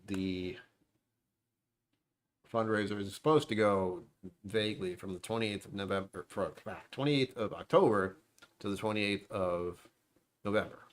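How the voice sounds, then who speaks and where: A man with a fairly low voice talks into a desk mic at home, hosting a loose, meandering livestream. He drifts between topics with a dry, sarcastic streak and pokes fun at himself. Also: a bit bright. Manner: sarcastic, meandering, self-deprecating. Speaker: livestream host. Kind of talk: rambling casual livestream chat. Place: at home, dishwasher running nearby.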